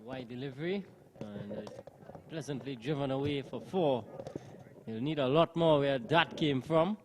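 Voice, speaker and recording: A man giving measured live ball-by-ball cricket commentary. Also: medium pitch, a little hiss or hum. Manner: measured, calling each ball.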